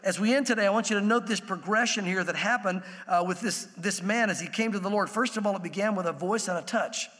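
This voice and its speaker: A man with a high voice preaches a sermon as the pastor. His delivery stays conversational, and he acts out the voices he quotes. Long reverb from the church hall trails behind his words. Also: fast talker, hardly any pauses, a bit bright.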